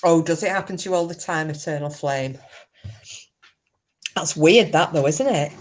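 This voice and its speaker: An older woman chats casually with her live viewers, laughing easily and picking up their comments as she goes. Her voice sits on the low side, and she is relaxed and talkative. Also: moderate pace. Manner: chatty, laughs often, reads out viewer comments. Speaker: livestream host.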